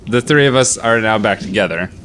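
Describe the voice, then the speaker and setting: A man's voice: lowish voice, a little fast, fairly bright tone, a little hiss or hum. A man player chatting and teasing during a tabletop game. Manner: teasing and laughing. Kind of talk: casual tabletop game chat.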